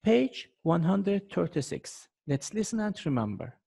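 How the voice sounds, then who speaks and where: Man teaching english online, husky dark voice, chatty. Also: high voice, sing-song, measured pace. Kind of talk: online English lesson intro.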